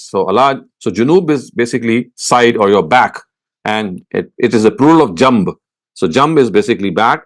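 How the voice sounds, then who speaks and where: Lively-voiced man teaching scripture slowly. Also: medium pitch. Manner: slow, methodical, glossing each word then restating. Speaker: Quran teacher. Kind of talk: word-by-word scripture lesson.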